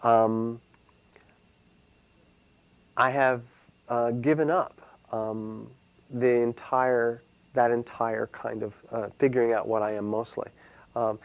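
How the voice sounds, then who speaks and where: A man, a solo performer, answering interview questions in a casual, halting way, full of fillers and restarts. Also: mid-range voice, fairly even intonation, dry recording, highs cut off. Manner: hesitant, many fillers and restarts.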